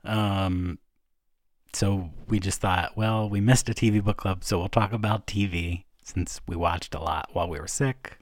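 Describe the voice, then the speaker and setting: A woman co-hosting a podcast, chatting casually with lots of fillers and restarts. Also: steady tone. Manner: low-pitched, halting, many fillers. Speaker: podcast co-host. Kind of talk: casual chat.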